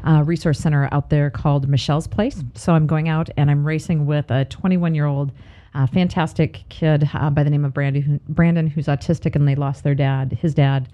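A woman's voice: sits low, steady tone, fairly quick, warm tone, highs cut off. A woman guest on a podcast, chatting casually, affirming and upbeat. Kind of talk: casual interview chat.

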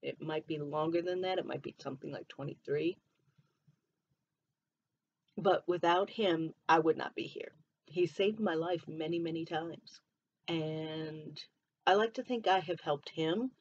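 A woman's voice: sits low, a little slow, highs cut off, slight background noise. A woman from Michigan with a mixed Southern and Midwestern accent, hosting a casual solo podcast and chatting freely, often drifting onto tangents. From Michigan, USA. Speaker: podcast host.

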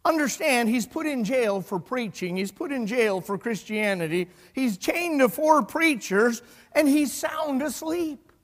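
High-voiced storytelling preacher. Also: male voice, a little slow. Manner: storytelling, animated, swings between loud and hushed. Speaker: pastor. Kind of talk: sermon. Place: church sanctuary. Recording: long hall reverb.

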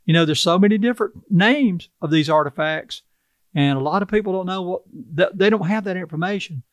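A man's voice: high-pitched, brisk, dry recording. An older man from South Carolina with a Carolina Southern accent, talking in a folksy, earnest way as an interview guest. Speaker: tribal chief, interview guest. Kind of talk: casual interview talk.

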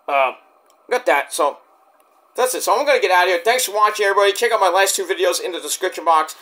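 A man's voice: high-pitched, quick pace, sharp tone. A man casually reviewing a wrestling show in a rambling, filler-heavy way, saying he is dead tired.

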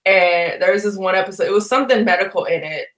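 A woman's voice: mid-range voice, quick pace, low-quality recording. A woman hosting a book club chat, ranting loosely and swearing often. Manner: ranting, profane, animated storytelling. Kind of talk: casual chat.

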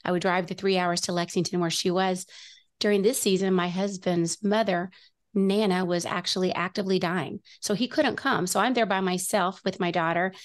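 A woman's voice: lowish voice, steady tone, normal speed. A middle-aged woman telling an earnest personal story as a guest on a faith talk show, often restarting her sentences.

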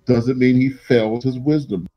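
A man running an online tabletop game as game master, making relaxed, joking rulings. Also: medium pitch, a little slow, dull audio.

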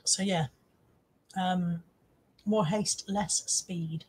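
A woman's voice: fairly low pitch, steady tone, drawn-out words, a little mellow, slightly rough. A woman hosting a casual live stream, chatting to her viewers and reading out their comments, self-deprecating and swearing now and then.

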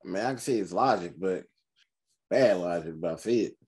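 A man hosting a movie reaction, talking in an animated, slangy way with quick joking asides. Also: sits low, slightly rough. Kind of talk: casual reaction commentary.

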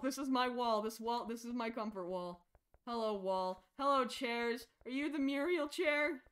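A woman's voice: fairly high pitch, moderate pace, clean tone. A young woman streaming a horror game, chattering jokingly to herself and shrieking and laughing when something startles her. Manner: excitable, shrieks and laughs when startled, jokey self-talk. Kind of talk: live horror game commentary.

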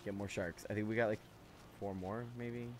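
A man's voice: lowish voice, steady tone, moderate pace, background noise. A man playing a video game and talking to himself with frustrated, swear-heavy commentary. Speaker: gaming channel host. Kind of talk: let's play commentary.

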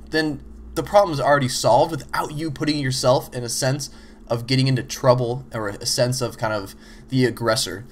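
Male host, mid-pitched, casual chatty teacher who acts out little example exchanges. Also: fairly even intonation, moderate pace, slight background noise. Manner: loose, conversational, frequent "you know" and "like". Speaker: host explaining teamwork. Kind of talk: casual instructional talk.

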